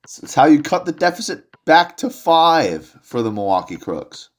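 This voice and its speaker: A young man doing solo play-by-play commentary on a video game basketball match, excitable and jokey, rising to shouts on big plays. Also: fairly high pitch, moderate pace.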